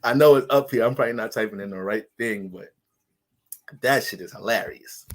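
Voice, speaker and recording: A man's voice: lowish voice, brisk. A man hosting a casual astrology livestream, loose and profane, joking and talking straight to his viewers.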